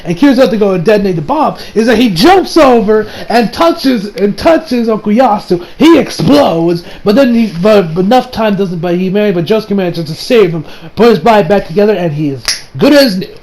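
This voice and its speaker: A man reviewing an anime episode in a casual, excitable recap, rambling with restarts and swearing. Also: high-pitched, normal speed.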